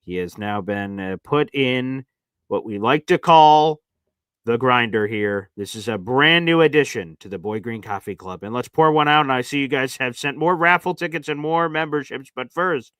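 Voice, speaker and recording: A man's voice: medium pitch, expressive, normal speed, a bit bright, clean tone, no room sound, studio quality. A man hosting a casual sports livestream, hyped up and calling his viewers "baby" as he reads off gifts. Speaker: livestream host.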